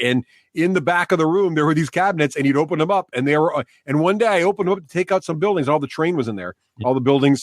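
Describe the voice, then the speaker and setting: A man hosting a podcast, telling an animated personal story and asking the guest questions in casual chat. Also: medium pitch, no room sound, clean studio sound. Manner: storytelling, animated asides, warm backchannels. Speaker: podcast host.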